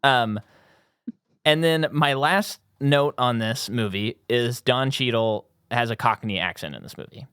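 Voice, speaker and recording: A man's voice: mid-range voice, measured pace, a bit bright, smooth, no echo, studio quality. A man co-hosting a podcast in casual movie chat, rambling with many ums and easy laughs. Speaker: podcast co-host.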